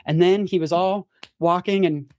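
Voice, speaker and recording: A young adult man, a former reality show contestant appearing as a podcast guest, tells a story casually at normal speed. He's an animated storyteller who acts out quotes with big pitch jumps and says "like" a lot. His voice is smooth and the recording is dry.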